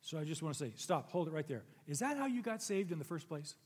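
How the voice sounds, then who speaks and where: A middle-aged man with a high voice preaches to his congregation, talking in an earnest, conversational way that swells into emphatic peaks. His words ring out with the long reverb of a big church hall. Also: very animated, quick pace. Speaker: pastor. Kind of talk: sermon. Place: church sanctuary.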